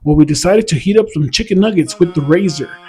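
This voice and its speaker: A man's voice: high voice, fast, darkish tone, slightly rough. A man hosting a product review vlog, talking in an upbeat, explanatory way. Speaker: host.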